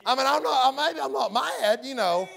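A man's voice: extremely high pitch, animated, moderate pace, vocal fry, a bit bright. A man preaching a folksy sermon, often hollering and acting out the story's characters.

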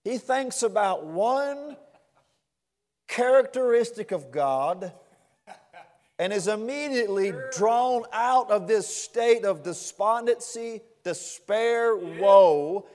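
A man preaching an impassioned sermon to a responding congregation, repeating words in rhythmic bursts that build to shouts. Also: sits high, expressive, takes it slowly. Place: church sanctuary with long reverb. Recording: reverberant church hall.

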